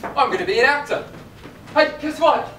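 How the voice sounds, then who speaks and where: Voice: mid-range voice, animated, normal speed, fairly bright tone, slight background noise, close to an everyday voice. A stage performer playing a nervous student actor in a gangster role, talking in an anxious, rambling, self-deprecating way, taped from far off. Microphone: far camera in audience. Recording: echoey theatre taped from far off.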